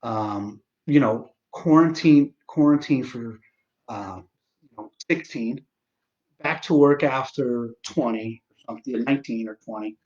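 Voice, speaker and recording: Man, forties, livestream host, sarcastic, swears a lot, halting with fillers, muffled lo-fi audio. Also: medium pitch, a little mellow. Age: 40s. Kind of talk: casual livestream chat.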